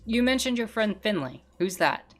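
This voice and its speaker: A woman reading a deadpan frog detective. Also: medium pitch, moderate pace.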